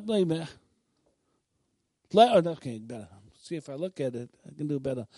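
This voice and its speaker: A man preaching a sermon with a high, ringing voice. He builds to bold, emphatic declarations, then drops into quiet, conversational asides to the congregation. The sound is dry and close. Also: very animated, moderate pace, dry recording.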